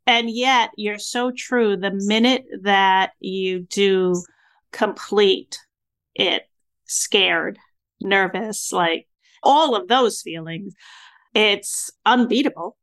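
Lady in her 60s hosting a podcast, chatty animated storyteller, mid pitch. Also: drawn-out words. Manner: animated storyteller acting out her own reactions. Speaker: podcast host. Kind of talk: casual interview chat.

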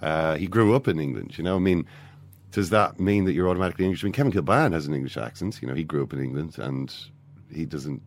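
Guy hosting a football chat, really low voice, rambly with lots of ums. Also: fast talker. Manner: rambling, many fillers and restarts. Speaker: podcast host. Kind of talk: casual football discussion.

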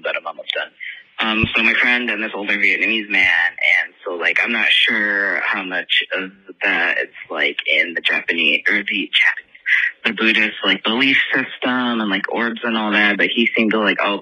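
A man telling a long story in a casual, rambling way, filling almost every pause with filler words, as a recorded message from a listener. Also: on the low side, sharp tone, slightly rough, no room sound, rough recording.

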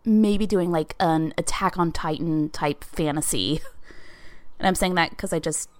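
A woman chatting casually on a podcast, animated and talkative with many fillers. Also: fairly low pitch, measured pace.

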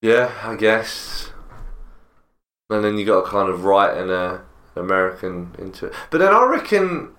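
English man, low-pitched, casual podcast chat, tag questions. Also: animated, a little slow, a bit bright. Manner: chatty, ends points with tag questions. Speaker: podcast co-host.

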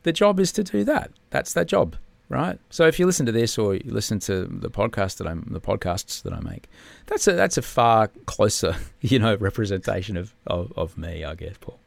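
A man's voice: lowish voice, lively intonation, normal speed, vocal fry, no echo. A man, a guest in casual chat, speaking candidly and a little subdued while recovering from surgery. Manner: candid, swearing, drops to a whisper at times. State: subdued, in pain after surgery. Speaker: podcast guest, TV host.

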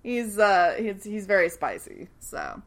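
A young woman casually recapping a TV episode, animated and swearing freely as she acts out the characters' lines. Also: mid-range voice, unhurried. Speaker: podcast co-host recapping a TV show. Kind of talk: casual chat.

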